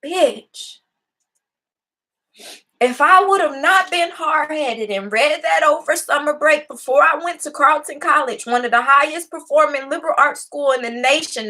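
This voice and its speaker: A young woman with a fairly high voice talks straight to her audience as host. She sounds impassioned and preachy, and she swears freely as she drives her point home. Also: sharp tone. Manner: impassioned, preachy, blunt and profane. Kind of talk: casual motivational talk to a live audience.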